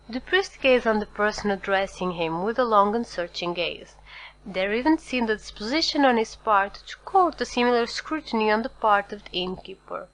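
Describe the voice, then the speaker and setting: A woman reading a classic novel aloud as audiobook narrator, steady and formal. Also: mid-range voice, normal speed, low-quality recording. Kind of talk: scripted narration.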